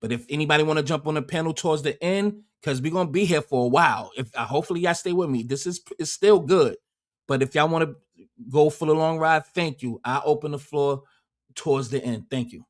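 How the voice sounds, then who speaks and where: A man's voice: a little high, brisk. An American man hosting a livestream, ranting in a heated, profane, combative way and often repeating himself. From United States. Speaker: livestream host.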